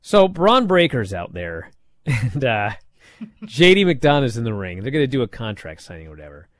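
A man casually recapping a wrestling show on a podcast, telling it with lots of uh's and quick asides. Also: mid-range voice, dry recording. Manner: animated storytelling with frequent fillers.

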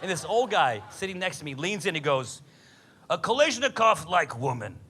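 A man doing a stand-up comedy set, telling a story with lots of swearing and animated delivery. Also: on the high side, a little fast. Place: comedy club stage.

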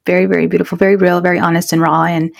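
A woman co-hosting a podcast who talks in a warm, joking way and mixes Spanish words into her English. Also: fairly low pitch, level tone, rapid-fire, gravelly. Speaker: podcast co-host. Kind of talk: casual chat.

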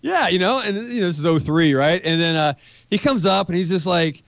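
A man's voice: high voice, a little fast, vocal fry, no echo, lo-fi sound. A man in his forties, a podcast guest, telling a rambling, profane war story in casual talk. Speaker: podcast guest, magazine editor.

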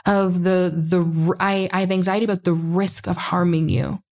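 A woman's voice: fairly low pitch, fairly even intonation, normal speed, a little mellow. A woman giving relationship advice in a casual conversation, explaining step by step and often checking in with "right?".

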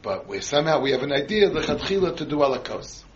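A man's voice: on the high side, very animated, fast talker, slight background noise. A man leads a Torah class, steadily posing questions to his listeners before explaining the answer. The recording is a little dull, with faint ambience in the background. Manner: quizzes the audience with frequent questions. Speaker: rabbi teaching a class.

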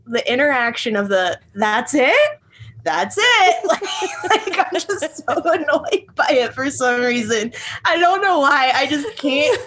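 Woman cohost ranting, kinda high voice, laughing thru it, bit of faint hiss. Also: fairly bright tone. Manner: ranting, laughing through her words, acting out little scenes. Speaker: podcast co-host. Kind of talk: casual sports podcast chat.

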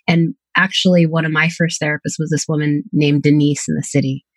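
A woman's voice: deep voice, little pitch movement, fairly quick, dry recording. A woman psychotherapist speaking candidly in a podcast interview, telling reflective stories about her own life and her clients. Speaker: psychotherapist guest.

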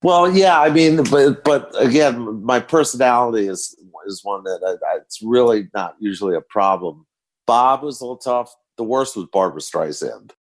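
An older man, a photographer guest, telling backstage anecdotes in an animated storytelling manner. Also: medium pitch, normal speed. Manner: animated storyteller acting out quotes.

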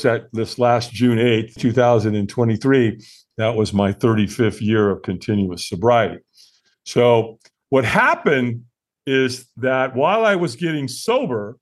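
A man in his sixties tells his life story as a podcast guest, his voice sitting at an ordinary middle pitch. He speaks earnestly and with animation, stumbling over restarts and fillers as the memory carries him. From United States. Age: 60s. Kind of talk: conversational storytelling interview.

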